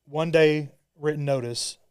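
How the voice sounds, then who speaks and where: Clear-voiced man spinning a story. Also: a little high, fairly even intonation, unhurried. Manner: storyteller acting out quoted dialogue. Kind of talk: casual podcast chat. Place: podcast studio.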